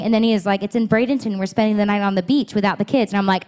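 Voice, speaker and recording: This pastor, a woman in her thirties, races through her sermon with few pauses in a medium-pitched voice. She addresses the church auditorium in a candid, conversational way.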